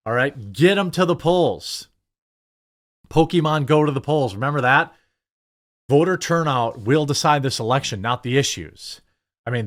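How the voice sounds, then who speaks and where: A man talks through casual political commentary in a blunt, sarcastic way. He rambles, breaks off and restarts often, and fills gaps with lots of "you know" and "I mean". His voice sits in an ordinary middle pitch.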